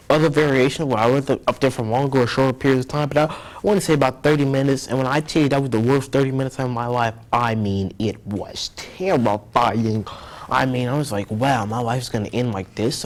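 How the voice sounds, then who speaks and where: A man's voice: medium pitch, a little fast. A young man telling a story as an interview guest, rambling and earnest, often repeating himself.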